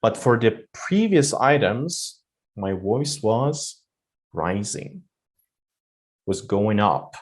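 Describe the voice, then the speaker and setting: A man with a somewhat low voice teaches an English speaking-exam lesson online. He explains patiently, acts out rising and falling tones in spoken examples and often pauses on fillers. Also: very animated. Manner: frequent fillers and restarts.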